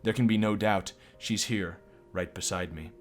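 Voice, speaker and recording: A lovestruck, self-doubting schoolgirl narrator, read aloud by a man in a lowish voice. Plain, unforced reading with a little music playing faintly behind. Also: steady tone, normal speed, lightly acted. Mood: wistful.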